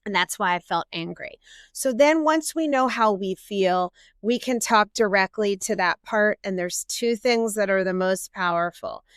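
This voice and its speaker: Female therapist, middle-aged, earnest interview guest; clear resonant voice, dead-dry sound. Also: medium pitch, no room sound. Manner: warm, earnest explaining with quoted self-talk. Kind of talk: interview conversation.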